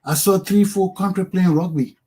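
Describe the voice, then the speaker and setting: A man with a Liberian English accent hosting a talk show, telling profane personal stories with animated, laughing delivery. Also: high voice, normal speed, slightly rough. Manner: animated, profane, laughs often, acts out quotes loudly. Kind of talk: casual storytelling monologue.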